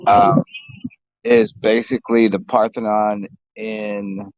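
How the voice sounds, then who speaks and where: A man with a lowish voice streams from a phone outdoors, rambling to his viewers with plenty of fillers and false starts. The sound is dull and a bit muffled, yet close and dry, with no room echo. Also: flat delivery. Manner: rambling, halting, with many fillers and restarts. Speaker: vlogger. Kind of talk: casual livestream chat. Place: outdoors, in a windy city park.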